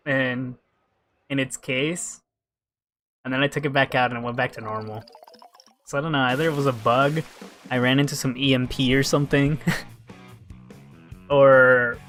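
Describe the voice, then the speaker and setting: A man's voice: mid-range voice, fairly bright tone. Rambling, swearing young man streamer. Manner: rambling storyteller, swears freely. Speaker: gaming streamer. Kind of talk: casual chat while playing.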